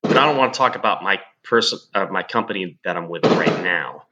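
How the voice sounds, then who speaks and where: A man's voice: low-pitched, lively intonation, fairly quick, pushed and bright, dull audio. A man co-hosting a podcast in casual chat, blunt and sarcastic, swearing a lot. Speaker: podcast co-host.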